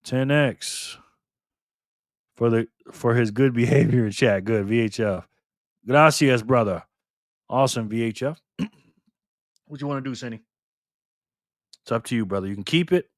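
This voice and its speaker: A man's voice: medium pitch, normal speed, long pauses, no echo, clean studio sound. A man hosting a live stream in a casual chat style, reading viewer comments aloud, laughing often and cheering on players. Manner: laughs often, loose and playful.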